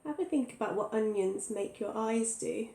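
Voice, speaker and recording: A woman teacher reading a picture book aloud to young children, pausing to ask them questions. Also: a little high, gravelly, mellow, reverberant.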